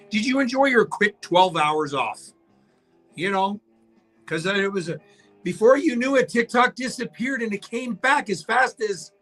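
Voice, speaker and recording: A man with a high, bright voice runs a live behind-the-scenes stream, bantering cheekily with commenters. His talk is loose and joking, with faint music playing underneath. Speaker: radio host reading viewer comments on a livestream. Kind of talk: casual live-stream chat with viewers.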